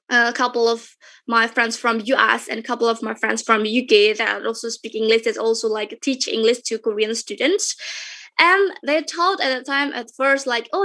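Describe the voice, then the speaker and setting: Chatty Indonesian woman, higher voice. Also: pushed and bright. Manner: chatty, repetitive, with frequent fillers. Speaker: webinar speaker. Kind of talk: informal webinar talk.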